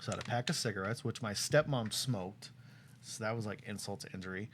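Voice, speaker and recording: A young man with a lowish voice tells a story in an easy, chatty way and brings the other people in it to life as he goes. He laughs often, and a faint hum of noise sits behind him. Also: a little fast. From Tucson, Arizona. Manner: animated storyteller, laughs often, acts out quotes. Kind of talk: casual storytelling chat.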